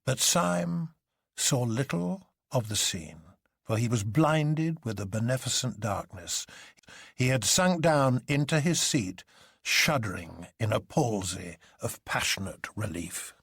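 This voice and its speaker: Measured expressive male storyteller. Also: mid-range voice, creaky, breathy edge, dry recording, studio quality. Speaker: narrator. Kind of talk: scripted narration of a novel.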